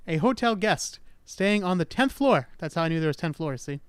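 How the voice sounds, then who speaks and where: A man's voice: on the high side, expressive, normal speed, clean tone, dry recording, studio quality. A man hosting a podcast, casually telling a true-crime story in a chatty, self-mocking way. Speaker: podcast host.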